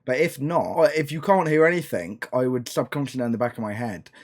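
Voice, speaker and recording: A young man reacting to a TV show with a friend, dropping deadpan, crude jokes in casual chat. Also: mid-range voice, fast talker. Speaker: guest co-watcher.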